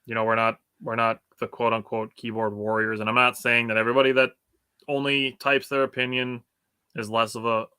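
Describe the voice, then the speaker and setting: A man's voice: mid-range voice, level tone, brisk, pushed and bright, clear, resonant tone, no echo, clean studio sound. A man co-hosting a casual sports podcast, talking in a reflective way with lots of "you know" and easy chuckles. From Wisconsin. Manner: reflective, hedging with fillers, chuckles often. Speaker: podcast co-host.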